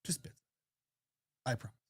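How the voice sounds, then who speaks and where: A man's voice: normal speed, no room sound. A man hosting a casual livestream from a home studio, chatting with viewers in a loose, self-deprecating way and reading their comments aloud while he fiddles with his desk microphone. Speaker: livestream host. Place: small home studio room.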